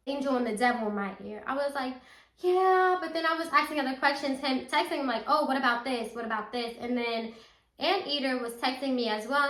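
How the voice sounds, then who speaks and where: A young woman tells a story straight to her viewers, acting out every quote with animated asides. Her voice sits high and bright, and the room around her rings with echo. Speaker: storytime vlogger. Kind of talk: casual storytelling to camera. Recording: echoey room.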